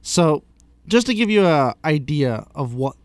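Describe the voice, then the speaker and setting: A man's voice: fairly high pitch, sing-song, a little slow, no room sound. A man co-hosting a podcast, explaining things casually and stretching key words for emphasis. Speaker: podcast co-host.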